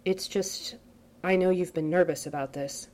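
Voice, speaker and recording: A woman voicing an earnest, gentle and kind grown man who speaks softly and a little hesitantly. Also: on the low side, fairly even intonation, normal speed, lightly acted.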